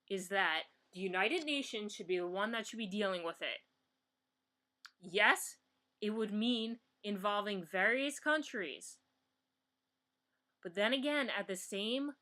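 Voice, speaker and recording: A woman's voice: mid-range voice, bright, forceful tone. Frustrated young American woman ranting. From United States. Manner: blunt and swearing, frustrated, restarts often. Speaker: vlogger. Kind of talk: heated political rant. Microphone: built-in computer mic.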